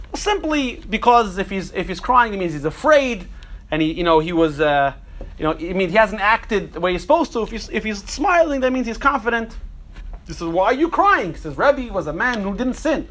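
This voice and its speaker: A middle-aged man teaching a Torah class to a group, animated, repeating phrases and throwing rhetorical questions at his listeners. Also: high voice. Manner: repeats and restarts phrases while thinking.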